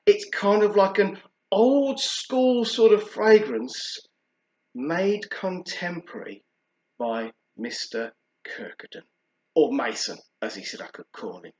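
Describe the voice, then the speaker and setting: A British man, a fragrance reviewer, telling a story in a chatty, animated way. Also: a little high, dull audio. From United Kingdom. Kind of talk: storytelling vlog. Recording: roomy echo.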